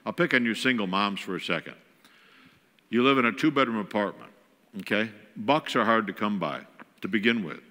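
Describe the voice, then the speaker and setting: A man's voice: lowish voice, fairly quick, bright, forceful tone, big-room sound. A man giving a folksy, joking talk as a guest speaker in a church. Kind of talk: humorous sermon talk on parenting. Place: church auditorium.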